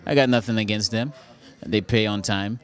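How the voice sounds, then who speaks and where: A man's voice: on the low side, normal speed. A Trinidadian man, a comedian and actor, talking casually in an interview at a comedy event, laid-back and laughing as he tells jokes. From Trinidad and Tobago. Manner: laid-back, laughing, slips into island voices.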